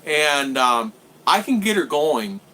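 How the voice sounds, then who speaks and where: A man's voice: fairly high pitch, sing-song, slow, bright, forceful tone, a little hiss or hum. A middle-aged American man hosting a casual live stream, rambling with fillers as he reads viewer comments aloud and chats back. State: recovering from a cold. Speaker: vlog host. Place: home in the Philippines.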